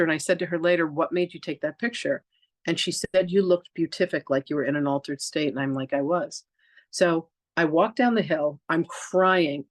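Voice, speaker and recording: In a dry recording, a woman with a fairly low voice tells a personal story on her podcast, where she is host and reverend. She acts out the dialogue in casual, chatty fashion, using lots of "like" and restarting often.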